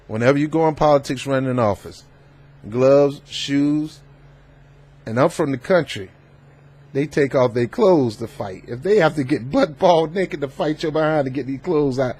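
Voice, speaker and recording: A man hosting a political commentary vlog, talking in an emphatic, animated and preachy way. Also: mid-range voice, husky. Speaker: host.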